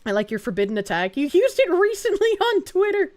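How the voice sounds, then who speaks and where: Woman streamer, high animated voice, excitable and profane, casual live chat. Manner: excitable, profane, quick reactions with frequent laughs. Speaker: VTuber streamer.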